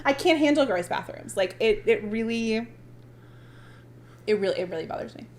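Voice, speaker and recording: A woman's voice: fairly high pitch, normal speed, slight background noise. A woman in her thirties co-hosting a podcast, talking casually and animatedly with frequent laughter. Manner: animated, laughing, self-described passive aggressive. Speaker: podcast co-host. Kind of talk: casual chat.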